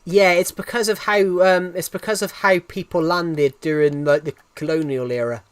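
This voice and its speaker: Junger Brite mit dickem Akzent. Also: male voice, a little high, fairly even intonation, moderate pace, smooth. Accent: thick regional British. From United Kingdom. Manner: rambling, repeats himself, restarts sentences. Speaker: game streamer. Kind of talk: casual livestream chat.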